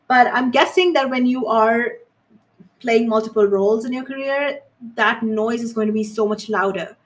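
Higher-voiced woman host, a bit off-mic. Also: distant mic. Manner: thoughtful, sums up the guest's points. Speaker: podcast host. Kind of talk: interview questions, casual chat.

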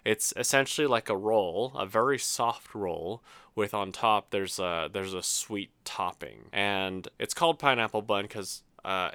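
A man's voice: on the low side, sharp tone, clean tone, no echo. A man hosting his own show, talking casually and rambling through his small frustrations with self-mocking humor. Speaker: host. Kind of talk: casual solo monologue.

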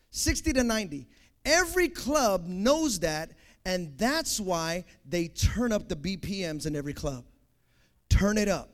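A man preaching a sermon, acting out everyday scenes with lively sound effects and asides. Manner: animated, acts out scenes, sound effects like boom.

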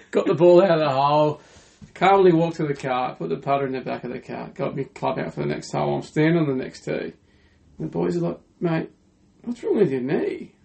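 A man's voice: on the high side, brisk, vocal fry, a little mellow. An Australian man telling golf stories in a casual chat, laughing often as he talks. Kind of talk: casual storytelling.

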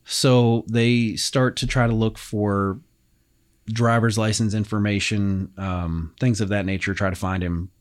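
A man's voice: lowish voice, steady tone, unhurried. A man co-hosting a podcast, casually retelling a crime case and acting out the quotes. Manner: chatty, acts out quotes, loose restarts. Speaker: podcast co-host telling the case. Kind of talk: casual true-crime storytelling.

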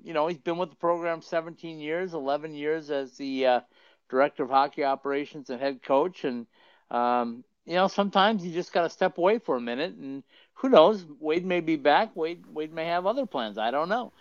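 A man's voice: on the high side, clean tone, no room sound, dull audio. Easygoing male sports show co-host. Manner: easygoing, encouraging, halting with fillers. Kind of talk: casual sports radio chat.

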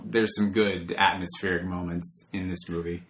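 A man's voice: deep voice, fairly even intonation, moderate pace, fairly bright tone. A man hosting a podcast, chatting about a movie in an easygoing way. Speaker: podcast host. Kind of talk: casual movie discussion.

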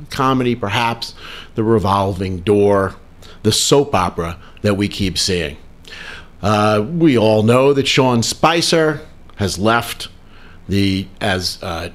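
A man hosting a political talk radio show, delivering news commentary with a wry, sarcastic edge. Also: mid-range voice.

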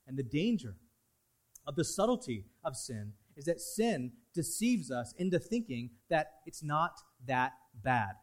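A man preaching a sermon to his congregation, swinging between loud, pressing emphasis and quiet, hushed asides. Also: medium pitch, big pitch swings, a little slow. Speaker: pastor.

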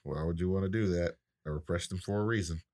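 A man's voice: sits low, fast talker, darkish tone. A man on a podcast making dry, blunt wisecracks in a casual chat. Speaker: podcast co-host.

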